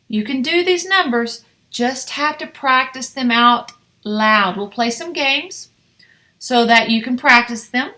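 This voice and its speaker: A woman teaching Spanish numbers in a lesson, drilling the class with slow, encouraging repetition. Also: fairly high pitch, lively intonation, bright, forceful tone.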